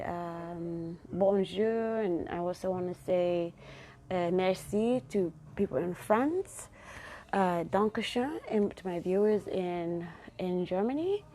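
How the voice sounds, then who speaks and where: A woman talks alone on her podcast in a relaxed, conversational monologue. Her voice is mellow and warm rather than bright, with a middle pitch for a woman. She speaks affectionately and encouragingly, like a pep talk to her listeners. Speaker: podcast host. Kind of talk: casual solo podcast monologue.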